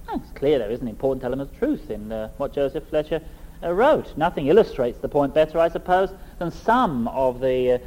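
A middle-aged man preaching a sermon in a measured, emphatic way, with a fairly high voice that rises and falls widely. His tone is mellow and dark rather than bright. He leans on rhetorical questions and steady phrasing. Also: a little hiss or hum, rough recording. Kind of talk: sermon with scripture reading.

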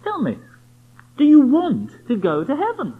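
A man's voice: extremely high pitch, huge pitch swings, a little slow, slightly rough. A man preaching a sermon, emphatic and full of rhetorical questions aimed at the listener. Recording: dull lo-fi recording.

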